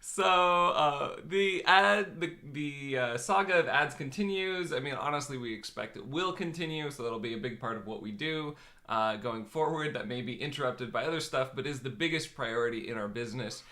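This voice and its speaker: A man, a business consultant, co-hosting a casual live stream in a relaxed way. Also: medium pitch, moderate pace. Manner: relaxed, laughs, some filler restarts. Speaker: business growth consultant, host.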